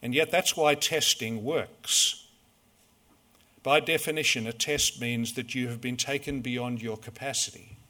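A man preaching a sermon, measured and storytelling, full of rhetorical questions. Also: mid-range voice, steady tone, sharp tone.

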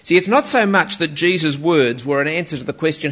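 A man's voice: on the high side, very animated, a little fast, few pauses, fairly bright tone. A man preaching a sermon, emphatic and stressing single words, on a dull lo-fi recording.

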